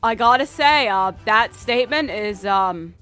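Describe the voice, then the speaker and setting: Girl voicing a young lawyer guy, hesitant, ums a lot, lively up and down voice, game fan dub. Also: fairly high pitch, measured pace, smooth, soft background music. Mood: bewildered. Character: young male defense lawyer, earnest. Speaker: host.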